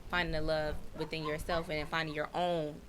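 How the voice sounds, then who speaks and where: A woman with a low voice talks quickly and earnestly, sharing advice from her own life. Clear background noise sits behind her voice. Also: flat delivery. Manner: earnest, advice-giving, fast flowing. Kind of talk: casual chat.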